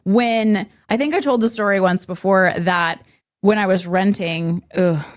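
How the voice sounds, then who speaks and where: A woman co-hosting a podcast, telling a homeowner's story in casual chat, animated and quick to laugh when stressed. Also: mid-range voice. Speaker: podcast co-host.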